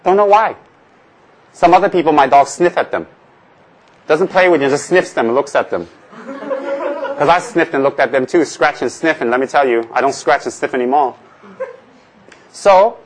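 A man's voice: fairly high pitch, animated, normal speed, long pauses, poor audio. A man from Tibet teaching as a Buddhist teacher in a casual Dharma talk, joking and asking rhetorical questions, often repeating phrases.

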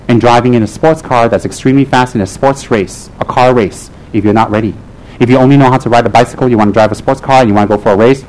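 A man teaching as a Buddhist teacher in a humorous dharma talk, wry and teasing, full of rhetorical questions, dropping his voice low for emphasis. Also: darkish tone, rough recording.

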